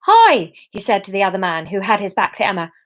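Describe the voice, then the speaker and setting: A woman reads her own serialized story aloud, switching into chatty, self-mocking asides to her live audience. Her voice sits in an ordinary middle pitch, easygoing and conversational. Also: steady tone, very fast, a bit bright. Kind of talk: live-streamed story reading with chat.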